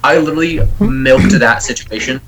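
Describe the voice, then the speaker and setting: A man's voice: mid-range voice, normal speed, crowd noise. Casual young man telling stories. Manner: swearing, laughing storyteller. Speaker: podcast co-host. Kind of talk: casual chat.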